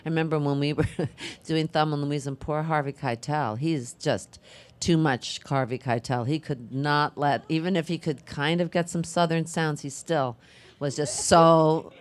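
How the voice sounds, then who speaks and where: A middle-aged actress answering on a panel, thinking aloud in a rambling, conversational way. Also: female voice, low-pitched, fairly even intonation, moderate pace.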